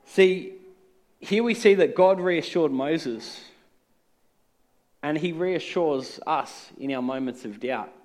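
A man's voice: fairly high pitch, takes it slowly, long pauses, darkish tone. A man preaching a sermon in an earnest, conversational way with touches of humor. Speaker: pastor. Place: church.

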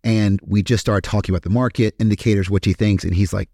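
A man's voice: lowish voice, steady tone, quick pace, gravelly, warm tone, dry recording, studio quality. A man from Kentucky with a Kentucky accent, a podcast guest telling his story in a candid, profane, casual way with many fillers.

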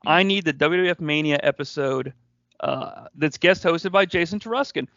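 A man's voice: a little high, moderate pace, gravelly, fairly bright tone, no echo. A man co-hosting a casual podcast chat, rambling and hesitant. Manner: rambling, hesitant, full of restarts. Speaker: podcast co-host. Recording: dry, slightly dull lo-fi recording.

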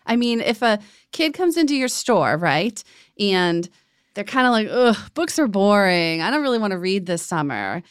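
Female co-host with a lively, melodic voice and a dry close sound, conversational. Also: medium pitch, normal speed, clean tone, no echo. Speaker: podcast co-host. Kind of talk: casual podcast interview.

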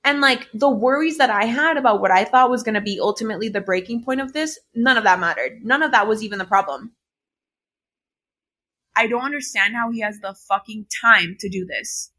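A woman's voice: on the high side, brisk, bright, forceful tone. Young woman venting about a breakup, blunt, swears a lot, says like constantly. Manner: candid and heated, swears, heavy "like" fillers. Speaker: podcast co-host telling a personal story. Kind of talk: casual chat.

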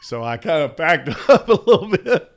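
A man's voice: a little high, very animated, normal speed. Folksy Southern man telling stories. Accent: Southern American. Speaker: radio color commentator. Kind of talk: casual chat.

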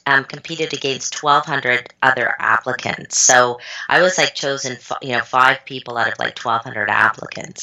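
Low-voiced woman, bright and super animated, swings way up when she quotes people. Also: poor audio. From Canada. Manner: animated, acts out quoted voices with big pitch jumps. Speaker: guest expert on self-doubt. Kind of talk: casual storytelling in a podcast interview.

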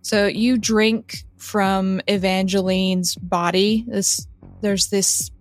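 Woman game master, slow measured narration, mid-pitched, faint music behind. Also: little pitch movement.

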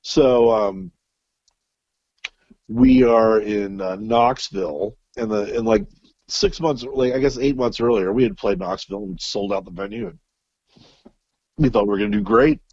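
This guest musician, a man, rambles through a long, profane story during an interview, with fillers and restarts throughout. His voice is on the low side and darkish, a little slow with long pauses, and the audio has no echo and cut-off highs.

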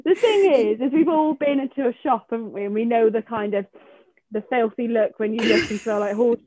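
A woman's voice: fairly high pitch, dark tone, no echo, rough recording. A woman, a podcast guest, chatting casually and laughing often. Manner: laughs a lot, quick reactions. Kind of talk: casual chat.

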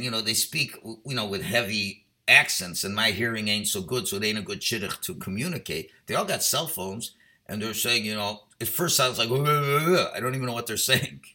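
A middle-aged man giving a Torah talk as a rabbi, passionate and exhorting, then easing into quiet, chatty storytelling, with Hebrew and Yiddish words mixed in. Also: mid-range voice.

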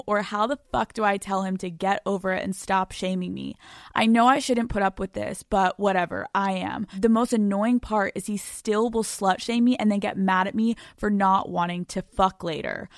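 A young woman hosts her own podcast, talking brashly and swearing freely as she gives advice and reads out listener letters. Her voice sits at a middle pitch and comes across close and dry, with no room sound around it. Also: no echo. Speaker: podcast host. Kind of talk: solo podcast advice talk.

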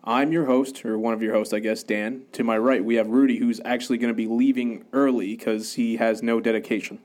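A man's voice: medium pitch, little pitch movement, a little fast, darkish tone. A man hosting a casual podcast, introducing his co-hosts and ribbing them playfully. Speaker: podcast host.

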